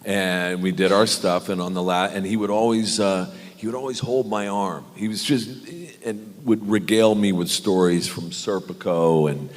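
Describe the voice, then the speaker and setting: A man, a guest actor on a convention panel, telling an animated, self-deprecating anecdote with many restarts. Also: low voice, moderate pace, hardly any pauses. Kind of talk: anecdotal storytelling. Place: large convention hall panel. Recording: echoey convention hall.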